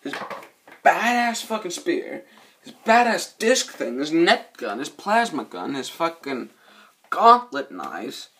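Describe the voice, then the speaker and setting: A man's voice: on the high side, takes it slowly, a little hiss or hum. A man doing a casual, rambling movie review, cursing a lot and losing his train of thought. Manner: profane, excitable, loses his train of thought.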